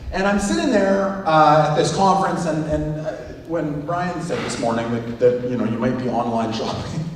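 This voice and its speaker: A man who teaches giving a presentation, telling a story in an animated, self-mocking way. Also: a little high, moderate pace, a little hiss or hum. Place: large hall with audience. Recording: echoey hall recorded from far off.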